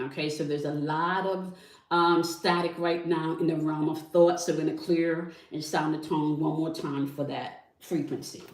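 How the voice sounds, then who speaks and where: A fairly low-voiced woman teaching her spiritual audience, stopping again and again to ask "okay?". She stands a little back from the mic in an echoey room, so her voice sounds roomy and distant. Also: a little mellow. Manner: repeats "okay?" after nearly every phrase. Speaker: tarot channel host.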